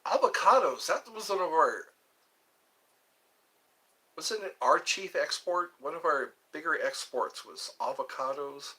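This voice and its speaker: Husky, animated man live-streaming. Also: on the high side, measured pace, long pauses. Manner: playful, jokey, answers chat questions aloud. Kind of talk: casual live-stream chat.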